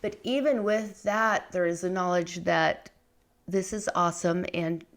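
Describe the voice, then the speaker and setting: A woman's voice: fairly low pitch, fairly even intonation, measured pace. Candid, rambling middle-aged woman guest. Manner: candid, rambling, many fillers and restarts. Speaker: podcast guest, memoir author. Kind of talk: conversational interview.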